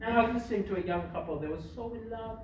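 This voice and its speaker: A man in his forties performing a stand-up comedy set, animated and shouting punchlines loudly. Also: sits high, racing, noisy background. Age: 40s. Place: live comedy venue with audience. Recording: echoey live room, distant mic, loud crowd laughter.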